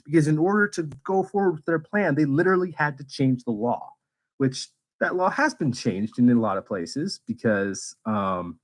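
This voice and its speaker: A man hosting a casual livestream, chatting candidly and swearing freely, and now and then working himself into animated rants. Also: fairly high pitch, a little slow, poor audio. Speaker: space YouTuber and livestream host.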